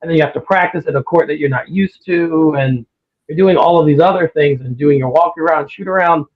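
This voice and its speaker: A man's voice: fairly high pitch, fairly quick. A man co-hosting a casual sports talk show, opinionated and getting worked up as he talks. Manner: opinionated, gets worked up and animated. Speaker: podcast co-host. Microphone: remote call over a livestream. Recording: tinny phone-like line.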